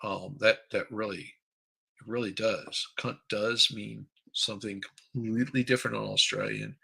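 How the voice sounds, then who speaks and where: Gravelly, husky-voiced male streamer. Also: on the low side, steady tone, normal speed, bright, forceful tone, poor audio. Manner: rambling, crude, reads chat aloud. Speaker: livestream host. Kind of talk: casual live-stream commentary.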